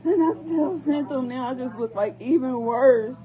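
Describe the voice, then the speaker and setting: A mother in distress talks at normal speed in a high voice, repeating her pleas in an emotional vlog shot on a phone. The sound is thin and tinny.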